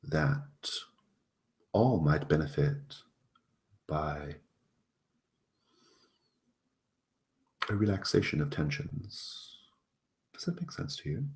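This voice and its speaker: A man doing a slow, coaxing fae courtier. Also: rumbling low, lively intonation, a little mellow, exaggerated voice. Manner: slow, coaxing, ends on rising questions. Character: smooth persuasive male fae courtier.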